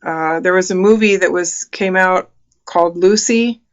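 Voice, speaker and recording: A woman's voice: on the low side, measured pace, muffled recording. A woman in her sixties, a guest on a talk show, earnestly recounting a personal experience with many fillers and restarts. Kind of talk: telling a personal story in an interview.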